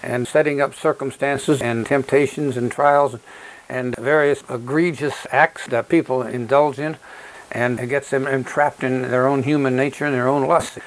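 A man preaching a sermon, reading from scripture and explaining it in an earnest, deliberate way, stressing key words. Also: medium pitch, steady tone, poor audio.

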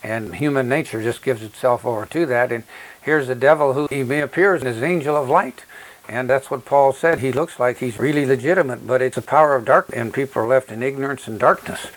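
An earnest man delivering a sermon, working through scripture passage by passage. He talks at a measured, deliberate pace and leans on the words he wants to drive home. His voice sits in an ordinary middle register. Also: mid-range voice, rough recording. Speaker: preacher.

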